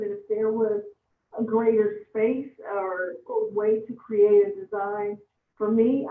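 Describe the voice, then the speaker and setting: A woman giving an impassioned public comment, earnest and pleading, speaking deliberately slowly. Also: a little high, slight background noise. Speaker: public commenter and advocacy board member. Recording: tinny, echoey phone line from a distance.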